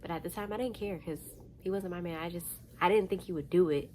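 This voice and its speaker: Lower-voiced woman telling a story, slangy. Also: fast talker, noisy background. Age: young adult. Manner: animated, slangy, laughing storyteller. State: tired. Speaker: vlogger. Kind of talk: casual storytime.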